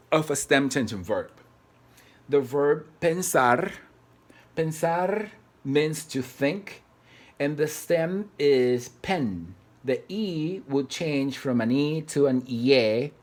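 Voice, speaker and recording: A man's voice: on the high side, expressive. A man teaching grammar at a whiteboard, patient and repetitive as he counts out syllables and conjugations. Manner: patient, repeats points and counts out syllables slowly. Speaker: Spanish teacher. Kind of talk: classroom-style video lesson at a whiteboard.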